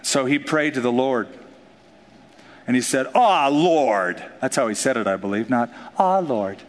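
A man preaching a sermon in an animated, joking way, acting out the voices of the people in his stories. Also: medium pitch, moderate pace. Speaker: pastor. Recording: long hall reverb.

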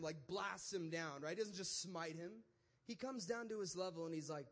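Lively casual young male preacher. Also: high voice, normal speed, breathy edge. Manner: casual, conversational, animated storytelling with frequent "like" and "right?". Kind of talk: sermon.

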